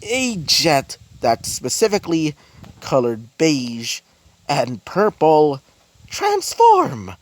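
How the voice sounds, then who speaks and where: A man improvising a fan-fiction story, halting often and circling back with fillers and restarts. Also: on the high side, very animated, dry recording.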